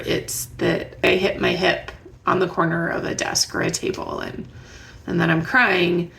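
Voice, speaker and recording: Speaking to the camera, a parenting educator offers advice in a strongly gravelly, creaky voice that sits on the low side. She's warm and conversational, frequently pausing to pose reflective questions to her viewers.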